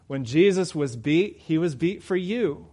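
A man preaching a sermon, moving from quiet reflection to loud, fervent emphasis. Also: on the high side, lively intonation, a little slow.

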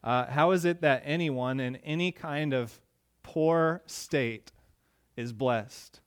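A man's voice: medium pitch, slow, smooth. A man preaching a sermon to his congregation, talking casually and rising with emphasis when he reads out verses. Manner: conversational preaching, rising emphatic on quoted lines. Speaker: pastor.

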